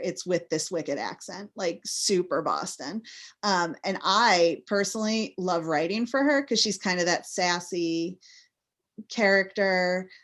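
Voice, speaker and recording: A woman's voice: fairly low pitch, a bit bright. A woman from Massachusetts, a guest author in a casual interview, talking in a chatty, rambling way full of fillers.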